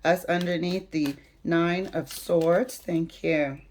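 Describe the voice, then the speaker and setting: A woman giving a tarot reading at an unhurried pace, her voice sitting on the lower side. She speaks to spirit as she turns each card and hammers her points with emphatic stress. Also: fairly even intonation, darkish tone, slight background noise. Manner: emphatic, swings into heated outbursts; addresses spirit while drawing cards. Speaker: tarot reader.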